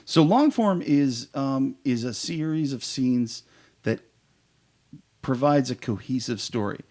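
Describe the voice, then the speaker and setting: A man's voice: mid-range voice, lively intonation, slow pace, darkish tone. A man chatting casually on a podcast as a guest improv performer, telling eager, rambling stories full of fillers.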